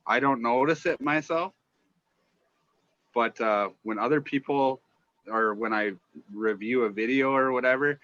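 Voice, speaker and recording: A man's voice: medium pitch, a little slow, long pauses, fairly bright tone, no room sound, muffled recording. A man from Northwestern Ontario with a Minnesota-style accent, a chatty podcast guest telling stories and swearing casually. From Northwestern Ontario, Canada. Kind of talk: casual chat.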